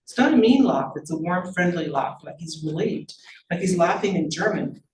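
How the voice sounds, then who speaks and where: A woman, the author, reading her novel aloud in a measured storytelling manner. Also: lowish voice, lively intonation, a little mellow. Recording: roomy, distant mic, faint noise.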